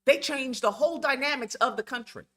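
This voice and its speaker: Man, high-pitched, bright edge; hosts a blunt, profane lecture-style rant. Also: fairly quick. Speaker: channel host. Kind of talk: heated monologue rant.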